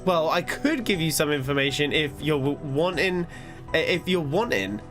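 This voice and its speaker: Bloke putting on a higher brash chavvy london shop lady, tough talk, faint music behind. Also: lively intonation, normal speed, lightly acted. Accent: put-on London chav. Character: blunt female shopkeeper with a London chav accent.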